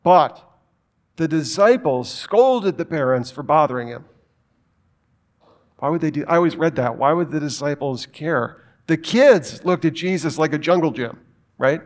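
A man's voice: on the high side, expressive, unhurried. A man preaching a sermon in an emphatic way, asking rhetorical questions and making joking asides.

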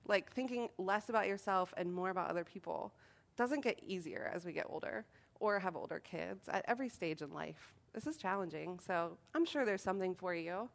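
A woman in her thirties speaking at a moms' meeting, telling funny, self-deprecating stories in an animated way. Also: on the low side, a little fast, creaky. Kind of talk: humorous talk to a group.

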